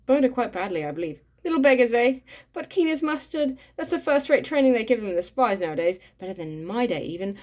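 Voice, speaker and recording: Woman reading as a boastful jolly dad, bit higher and louder than her own voice. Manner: hearty, chuckling, boastful. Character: jovial boastful middle-aged father, man.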